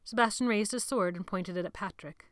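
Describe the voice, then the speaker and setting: A woman's voice: medium pitch, fairly quick, a bit bright, no echo, studio quality. A woman narrating a novel as an audiobook, dramatic and dropping to a whisper at tense moments.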